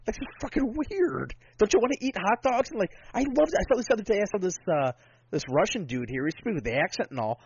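Guy on a podcast, kinda high voice, swears a lot, goes all over the place. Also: fast, dull audio, a little hiss or hum. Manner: animated, rambling, swears freely. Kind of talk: casual chat.

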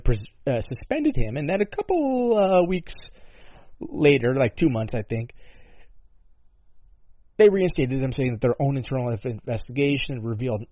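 A man's voice: medium pitch, very animated, moderate pace, dark tone, no echo. A man hosting a talk show who rambles in a sarcastic, profane way, with many asides and swearing. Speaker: podcast host. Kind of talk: casual profane commentary. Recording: dull lo-fi dry sound.

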